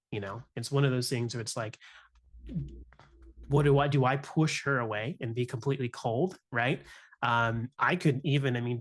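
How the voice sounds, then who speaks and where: A man's voice: medium pitch, a bit bright. A young adult man, a music teacher, talking earnestly and reflectively on a podcast, often adding "you know" and "right?". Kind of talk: candid podcast conversation.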